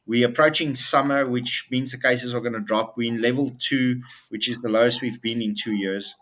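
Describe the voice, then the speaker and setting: A man's voice: medium pitch, fairly even intonation, normal speed, a bit bright. A man co-hosting a casual business chat show, upbeat and talking in loose run-on sentences with fillers. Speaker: co-host.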